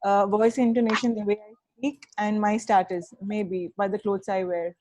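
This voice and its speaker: A woman in a workshop, listing points one by one in a measured way. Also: medium pitch, flat delivery, a little mellow. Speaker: workshop participant. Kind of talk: casual sharing.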